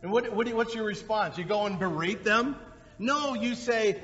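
A male pastor preaching a sermon in a conversational way, with lively bursts when he acts out quotes. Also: sits high, normal speed. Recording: dull lo-fi sound with long hall reverb.

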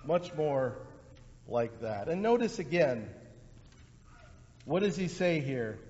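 Preaching pastor, man, fairly high voice, conversational sermon, dull lo-fi recording with long hall reverb. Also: takes it slowly. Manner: conversational preaching, animated when voicing quotes.

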